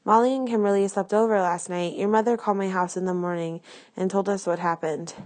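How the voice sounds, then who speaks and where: A woman's voice: mid-range voice, steady tone, a little fast, darkish tone, close to an everyday voice. A woman reading the part of a remorseful teenage best friend in an audiobook, earnest and apologetic.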